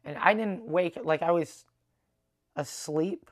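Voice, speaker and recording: A man's voice: fairly high pitch, takes it slowly. A man, a stand-up comedian, telling rambling tour stories in a casual monologue, swearing freely and restarting his sentences often. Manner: profane, rambling, many restarts.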